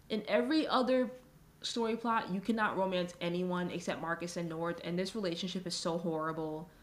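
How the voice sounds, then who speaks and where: A young adult woman hosting a podcast, ranting casually about a video game, swearing freely and filling her talk with "like". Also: on the low side. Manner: animated, swears freely, frequent "like" fillers. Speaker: podcast host.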